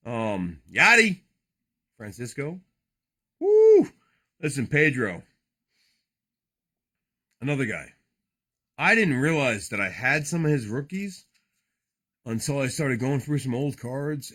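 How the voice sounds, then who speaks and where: Excitable profane man with a lively voice. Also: mid-range voice, unhurried, pauses often. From New Jersey. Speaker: card-breaking streamer. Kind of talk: casual live card-opening chat.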